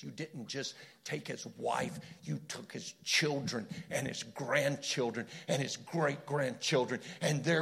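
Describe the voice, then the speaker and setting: A man's voice: medium pitch, vocal fry, fairly bright tone. A man preaching a sermon with impassioned storytelling and rhetorical questions.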